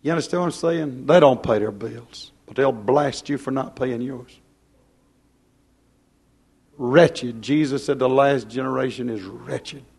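Folksy preacher man, loud then hushed. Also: medium pitch, a little slow, gravelly, breathy edge. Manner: plain-spoken, wide swings from loud to hushed. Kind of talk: folksy sermon.

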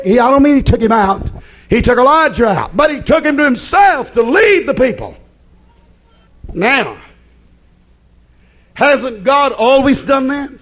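A man preaching a sermon as pastor, excitable and breaking into shouts. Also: very high-pitched.

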